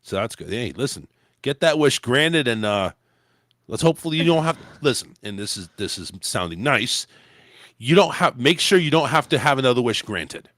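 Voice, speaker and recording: A man's voice: medium pitch, big pitch swings, moderate pace, fairly bright tone, dry recording. A man hosting a talk radio show, chatting casually in a laid-back, joking and rambling way.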